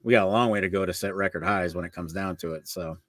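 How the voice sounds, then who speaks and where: Chatty low-voiced man hosting a livestream. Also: fairly bright tone, no echo, clean studio sound. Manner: chatty, reads market prices off quickly. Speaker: co-host of a livestream show. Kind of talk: casual livestream chat.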